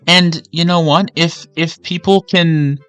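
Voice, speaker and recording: A man's voice: on the high side, fairly even intonation, slow pace, fairly bright tone, clean tone, no room sound, highs cut off, faint music behind. A man from Canada ranting angrily and with a lot of swearing while streaming a game. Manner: angry, profane, rambling rant. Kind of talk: ranting commentary over a game.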